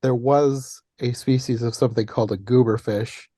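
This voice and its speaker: Male podcast host, relaxed mellow tone, dry studio sound, chatty retelling of plot. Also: mid-range voice, normal speed, breathy edge, dry recording. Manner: animated, laughs often, retells plot details. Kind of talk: casual movie podcast chat.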